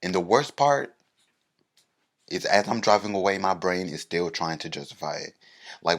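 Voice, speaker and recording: A man doing stand-up, telling a self-mocking story with animated comic timing. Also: low voice, normal speed, pauses often. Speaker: comedian.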